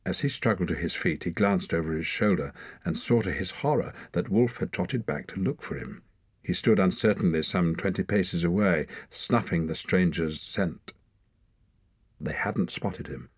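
A man narrating an adventure audiobook in a measured, expressive storytelling voice. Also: sits low, husky, no echo. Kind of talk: scripted narration.

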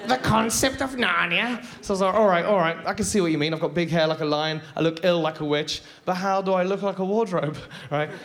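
Stand-up comic with a high voice. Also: male voice, quick pace, few pauses. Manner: animated, jumps into high mock voices for bits. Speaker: stand-up comedian. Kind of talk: stand-up comedy set. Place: live comedy stage before an audience.

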